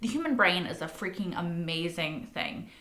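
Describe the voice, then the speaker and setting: A young woman talks casually about a show she has just watched. She fills her talk with likes and rights and swears freely. Her voice has a bright, forward tone, and it rings in an echoey room. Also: on the low side, lively intonation, normal speed, slight background noise. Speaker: reaction video host. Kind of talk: casual spoken commentary.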